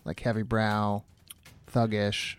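A man playing a tabletop game, asking questions and thinking out loud about his moves. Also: on the low side, completely flat delivery, takes it slowly, clean tone, dry recording. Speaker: player. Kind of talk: casual game talk.

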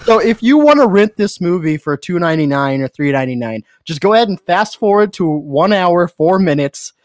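A man's voice: sits high, big pitch swings, fairly quick, dry recording, studio quality. Wry, laughing male podcast co-host. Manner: wry, laughs often, sarcastic asides. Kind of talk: casual chat reviewing a movie.

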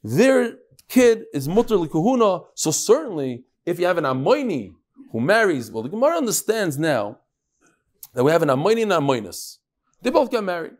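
A man teaching a Talmud class, animated, firing rhetorical questions at his students and often restarting his sentences. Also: high-pitched, brisk.

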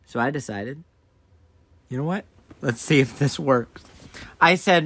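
A young man telling a childhood story on a casual talk show, animated and rambling, forever saying "I was like". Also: medium pitch, unhurried, long pauses, breathy edge, no room sound.

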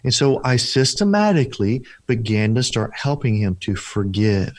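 A man telling a personal ministry story in an interview, earnest and slowing down for emphasis as he acts out the dialogue. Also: mid-range voice, sing-song, darkish tone, no room sound. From former Protestant, now Catholic. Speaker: deliverance minister, guest.

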